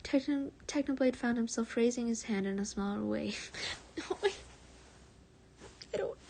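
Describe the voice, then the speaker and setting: A young American woman reading fan fiction aloud on a livestream, stumbling over words, giggling and dropping into soft whispers. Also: a little high, normal speed, vocal fry, slight background noise, rough recording. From United States. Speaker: streamer.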